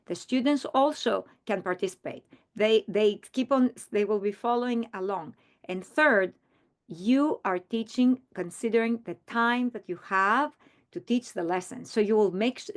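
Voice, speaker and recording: A woman walks fellow teachers through a training session, earnest and explanatory as she doubles back to restart her sentences. Her voice carries a gravelly fry at a middle pitch. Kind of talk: recorded training presentation.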